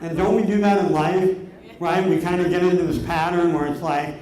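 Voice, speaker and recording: A man in his thirties telling a story to a live audience, animated and energetic, drawing the crowd in. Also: sits high, fairly quick. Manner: animated, energetic storyteller who gets the audience shouting along. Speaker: motivational speaker. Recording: echoey room with faint noise.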